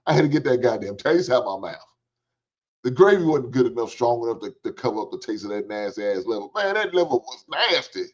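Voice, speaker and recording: A man's voice: medium pitch, sing-song, fast talker. A middle-aged man, hosting a livestream in casual, joking storytelling chat and swearing freely. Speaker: livestream host. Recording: dull lo-fi stream audio.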